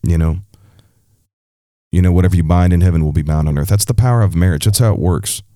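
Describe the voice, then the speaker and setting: Speaking fast in a low, mellow voice, the host of a Christian advice podcast responds to a listener in a chatty, preacherly way, peppered with "you know" and restarts. The audio is clean studio sound with no echo.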